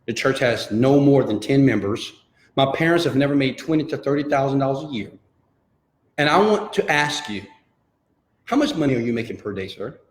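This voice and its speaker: A man's voice: mid-range voice, lively intonation, moderate pace, roomy sound. A man from Houston tells a dramatic personal story as a motivational speaker, acting out the dialogue and turning to the audience with direct questions. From Houston, Texas.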